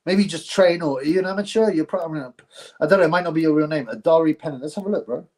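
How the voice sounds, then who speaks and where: A man's voice: fairly high pitch, fast, a little mellow. Blunt man hosting a live boxing chat. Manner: rambling, blunt, slangy, with frequent restarts. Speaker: host of a live boxing show. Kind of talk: casual live-stream chat reading viewer comments.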